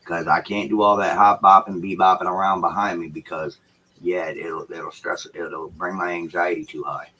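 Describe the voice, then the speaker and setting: Streamer type: deep-voiced man, forceful delivery, loose and profane chatter to his chat. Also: steady tone, normal speed, breathy edge, low-quality recording. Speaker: livestreamer talking to chat. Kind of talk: casual livestream chat. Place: home room with shelves behind him. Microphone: computer setup with dual screens.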